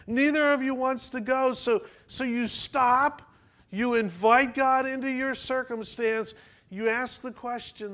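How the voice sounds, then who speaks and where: Preacher guy in church, unhurried, keeps quizzing the pews, real high bright voice. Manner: asks the congregation questions, conversational. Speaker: pastor. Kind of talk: sermon.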